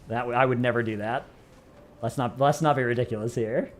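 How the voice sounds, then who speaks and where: A man's voice: medium pitch, steady tone, fairly quick, a little hiss or hum. A man from the United States, chatting casually on a live stream, rambling and joking at his own expense. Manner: rambling, self-mocking, joking. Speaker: streamer answering chat.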